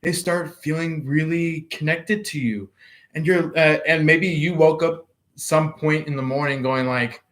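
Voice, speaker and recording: Male tarot reader, slow meandering talk, lightly raised pitch, lots of fillers. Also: steady tone. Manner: slow and meandering, many fillers, drops to a soft hush for imagined quotes. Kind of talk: casual tarot reading.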